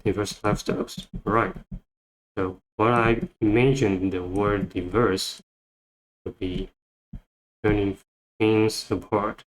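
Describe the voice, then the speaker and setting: A man teaching English vocabulary, repeating each word and phrase slowly as he explains. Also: fairly low pitch, fairly even intonation, slight background noise, low-quality recording. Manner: repeats words many times, thinking aloud. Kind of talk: slow, repetitive vocabulary lesson.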